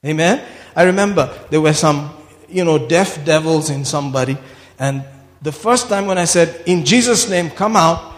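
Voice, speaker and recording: A man preaching a sermon, swinging from quiet asides to shouted declarations. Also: on the high side, moderate pace. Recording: long hall reverb.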